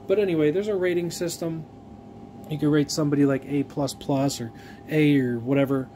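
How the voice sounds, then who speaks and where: A man's voice: a little high, steady tone, a little fast, warm tone, slight background noise. A man giving a casual, profanity-laced vlog rant with rambling restarts and fillers, like someone telling a story about a frustrating purchase. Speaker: gun vlogger.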